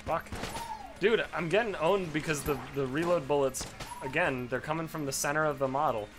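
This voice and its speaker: A man giving casual, profane let's play commentary as a gaming host, swinging into loud frustrated rants. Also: a little high, normal speed. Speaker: gaming YouTuber. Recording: game music behind the voice. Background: game music.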